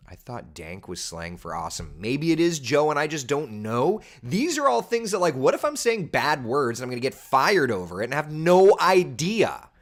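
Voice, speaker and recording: A man in his late thirties with a light lilt, hosting a relaxed weather livestream chat. His pitch swings widely, jumping high on exaggerated disbelief and dropping low for wry remarks, in a friendly, conversational way. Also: normal speed, few pauses. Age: 30s. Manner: animated, exaggerated incredulous asides. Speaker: weather host. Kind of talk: casual livestream chat reading viewer comments.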